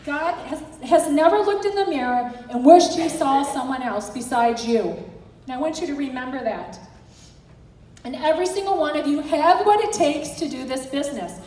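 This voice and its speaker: A woman's voice: high-pitched, normal speed, darkish tone, slight background noise. A middle-aged woman giving an earnest, encouraging motivational talk as a direct sales team director. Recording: echoey hall from far off.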